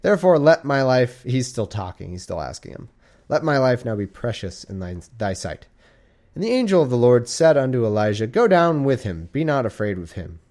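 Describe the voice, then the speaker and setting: This casual Bible reader is a man with a medium-pitched, darkish voice, very animated yet moderately paced, and he sounds drowsy and sleepy. Reading scripture in a warm room at home, he keeps veering into joking asides and mock-dramatic quoted voices with an irreverent air.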